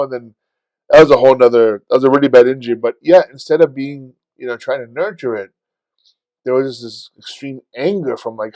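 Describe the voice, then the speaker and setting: A man co-hosting a podcast in casual chat, telling stories in a profane, animated way and acting out his own shouting. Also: medium pitch, normal speed, no echo. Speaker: podcast co-host.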